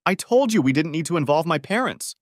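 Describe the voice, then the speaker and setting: A man's voice: mid-range voice, sing-song, moderate pace, dry recording, clean studio sound, voice pushed up, lightly acted. A man voicing an angry, defensive wife in an audiobook story, shrieking and indignant. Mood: shrill, accusing. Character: angry betrayed wife, shrill and accusing.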